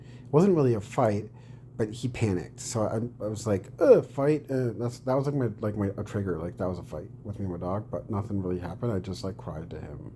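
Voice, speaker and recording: A man with a mellow, dark voice rambles through casual commentary on his own clip. He swears freely and slips into mock-preachy explanations, over a faint background noise. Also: on the low side, a little fast.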